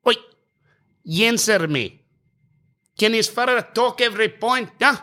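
A man's voice: very high voice, animated, unhurried, pitched above the performer's own voice, heavily acted. A man putting on a voice as a furious young male tennis player berating an umpire, badgering and repetitive. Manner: shouting demands, repetitive and badgering.

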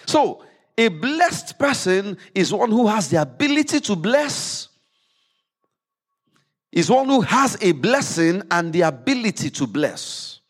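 A man preaching a sermon in a church service, reading scripture aloud with rising emphasis and dropping low to explain it. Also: sing-song, slow.

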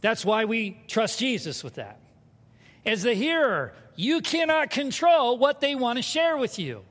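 A man preaching a sermon as pastor, animated and conversational, with humor. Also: very high voice, measured pace. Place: church sanctuary. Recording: hall reverb.

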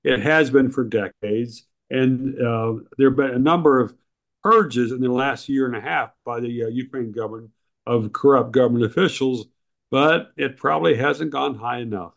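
Man, writer, co-host, halting, filler-heavy, critical, casual political chat. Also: medium pitch, vocal fry. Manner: hesitant, many ums and uhs, critical.

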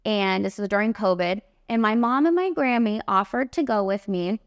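Animated young woman telling a story. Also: mid-range voice, normal speed, smooth, dry recording, dull audio. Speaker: podcast host, makeup artist. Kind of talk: casual storytelling.

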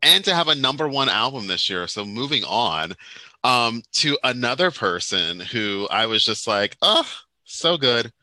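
A man's voice: medium pitch, normal speed, no room sound, rough recording. A man co-hosting a podcast, chatting casually in a teasing, rambling way. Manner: animated, teasing, rambling with fillers. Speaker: podcast co-host. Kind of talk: casual chat.

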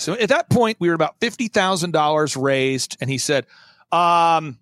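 A man's voice: fairly high pitch, fairly bright tone, no room sound. A man talking as a guest on a talk show, emphatic and driving, repeating his points for effect. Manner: emphatic, repetitive, fast-driving. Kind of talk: energetic talk-show conversation.

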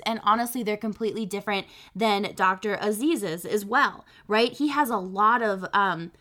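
Woman doing a solo podcast, all fired up, laughs a lot, keeps going "right?", mid-pitched voice. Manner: animated, laughs often, keeps asking "right?". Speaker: podcast host.

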